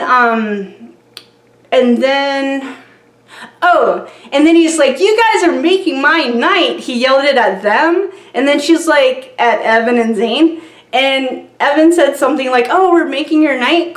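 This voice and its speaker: A woman's voice: on the high side, echoey room. A young woman vlogger telling a casual story to camera, rambling with lots of fillers and giggles.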